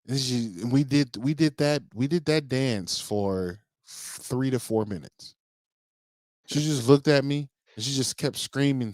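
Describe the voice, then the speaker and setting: An easygoing man in his thirties co-hosts a podcast in a mid-pitched voice. He tells loose, wandering stories, padded with fillers. The sound is dry and close. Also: measured pace, no room sound. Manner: rambling storyteller, leans on fillers like "like" and "you know". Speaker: podcast co-host. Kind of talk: casual chat.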